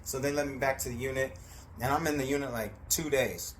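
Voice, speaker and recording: A man telling a story in a casual, animated way, acting out voices and sound effects and swearing freely. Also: medium pitch, a little fast, slight background noise.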